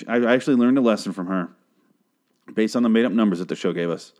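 Young man, slightly low voice, casual, profane, ranting recap. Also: quick pace, a little mellow. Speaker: show recap vlogger.

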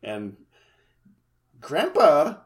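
A man co-hosting a casual podcast, recapping an episode in a relaxed, wry storytelling way. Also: a little high, very slow, slightly rough. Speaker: podcast co-host.

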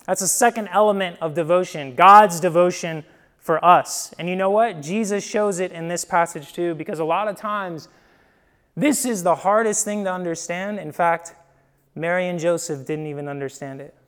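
Young guy from ohio preaching, high smooth voice, chatty, keeps saying right?, gets loud then drops soft. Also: normal speed. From Midwest US, Ohio. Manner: conversational storytelling, frequent "right?", emphatic swells and quiet drops. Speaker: pastor. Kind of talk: sermon.

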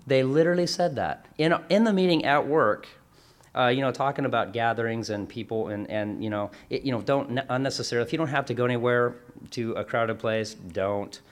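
A man's voice: mid-range voice, fairly quick. A man talks in a loose, rambling way, his voice sitting in a middle range for a man. He keeps correcting himself and slips into acted-out quotes as he tells a long work story in casual chat. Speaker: workplace class instructor.

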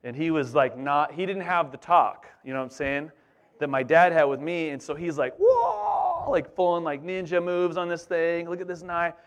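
A middle-aged man preaching as a pastor, telling a childhood story in a lively, conversational way full of asides to the congregation. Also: on the high side, normal speed. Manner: animated, conversational, repeats "you know what I'm saying". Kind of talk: storytelling sermon.

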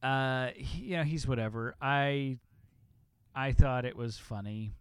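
A man's voice: mid-range voice, a little slow, clear, resonant tone, no room sound. A man co-hosting a podcast, chatting casually and rambling, swearing often as he retells things. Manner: profane, rambling, animated retelling. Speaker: podcast co-host. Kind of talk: casual chat.

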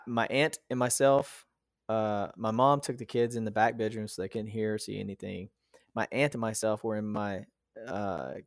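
A man's voice: mid-range voice, no echo, studio quality. A man in his thirties telling a personal story as a podcast guest, emotional and profane, with many fillers and restarts. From United States. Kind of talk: casual storytelling.

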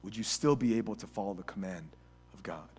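A man preaches with a fairly low, breathy-edged voice at a quick pace. He shifts back and forth between hushed reflection and passionate near-shouting, repeating himself and starting phrases over.

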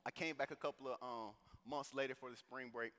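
Bright-voiced man telling a story in an echoey hall. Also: medium pitch, a little fast. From St. Louis, USA. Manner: animated, casual storytelling with lots of slang asides. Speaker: conference speaker. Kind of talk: personal testimony talk. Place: conference hall.

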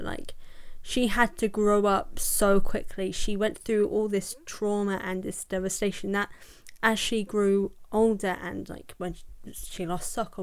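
A young woman with a posh British accent talking through ideas in a casual podcast, thoughtful, with frequent soft laughs. Her voice sits mid-range, close and dry on the mic. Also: medium pitch, clean tone, dry recording. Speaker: podcast guest, video creator.

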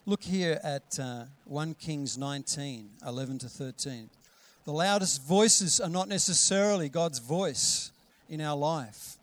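A pastor preaches in an easy, conversational way. His voice sits a little high for a man. He acts out the voices he quotes and sinks to a hush for gentle lines. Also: lively intonation, moderate pace, no room sound. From Australia. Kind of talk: sermon.

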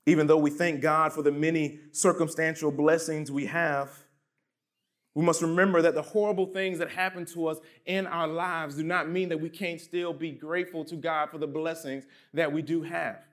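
A man preaching a sermon as pastor, reading scripture and pressing his points with emphatic drops in pitch and volume. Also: level tone, normal speed.

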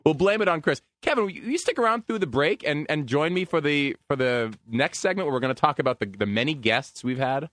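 Animated American radio host ranting. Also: male voice, fairly high pitch, a little fast, hardly any pauses, no room sound. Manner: animated, ranting, self-mocking. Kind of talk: radio talk show banter.

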